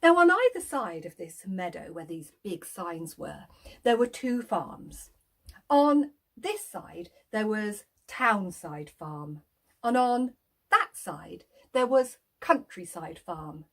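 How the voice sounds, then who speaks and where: A woman's voice: medium pitch, fairly bright tone. Woman telling a kids story, playful, gets everyone to act it out, swoopy voice. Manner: playful, invites listeners to act along. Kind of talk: interactive children's storytelling.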